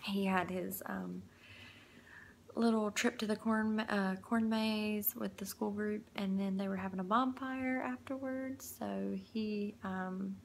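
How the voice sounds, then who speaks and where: A woman in her thirties talks softly into her phone camera in a home kitchen, tearful and hushed so she won't wake her sleeping child. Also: medium pitch, steady tone, slow pace, vocal fry, slight background noise. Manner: soft, hushed to avoid waking a child. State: tearful, close to crying. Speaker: vlogger, mother. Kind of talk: casual vlog.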